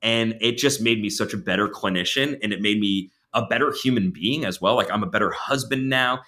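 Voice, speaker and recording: A man's voice: fairly low pitch, fairly quick. A middle-aged man telling candid stories as a guest on a casual podcast chat, with many restarts. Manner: candid, animated storyteller with frequent restarts. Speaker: counselor supervisor, podcast guest.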